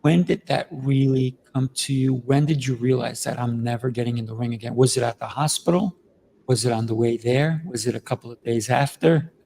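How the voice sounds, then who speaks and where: Male host, rough-edged gravelly tone, thoughtful, winding questions. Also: mid-range voice, fairly quick, mellow, slight background noise, poor audio. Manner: thoughtful, asks long rambling questions. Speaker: podcast host. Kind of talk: conversational interview.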